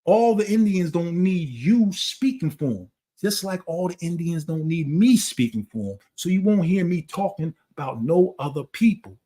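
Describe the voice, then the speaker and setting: A man's voice: a little high, animated, normal speed, mellow. A man talking in a blunt, profane, lecturing way during a casual conversation. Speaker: channel host.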